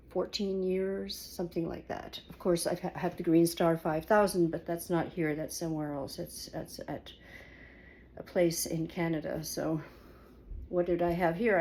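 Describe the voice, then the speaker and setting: Woman, home-kitchen vlogger, slightly low gravelly voice, hesitant and rambling delivery. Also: mellow, a little hiss or hum. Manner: rambling, hesitant, many fillers and restarts. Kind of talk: casual kitchen vlog.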